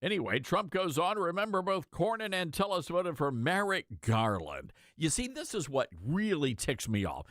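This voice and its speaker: A male talk radio host giving sarcastic, animated commentary with mocking asides. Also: a little high, moderate pace, hardly any pauses, no room sound, clean studio sound.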